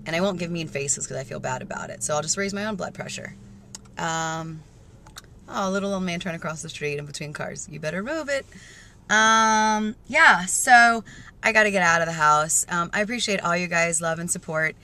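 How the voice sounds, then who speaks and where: A chatty, excitable woman vlogging from behind the wheel, holding the camera up to her face. Her talk rambles and swings from quiet asides to loud bursts. The road and car noise are clearly heard under her voice. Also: on the low side, fairly quick. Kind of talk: casual excited car vlog. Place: inside a car while driving. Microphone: handheld camera facing her in the car.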